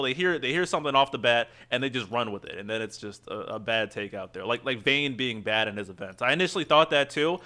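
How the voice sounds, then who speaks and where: A man's voice: mid-range voice, pushed and bright. A man hosting a game stream, ranting at length with frequent restarts and reading chat. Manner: fast, rambling rant with frequent restarts. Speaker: streamer host. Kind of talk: casual game stream rant.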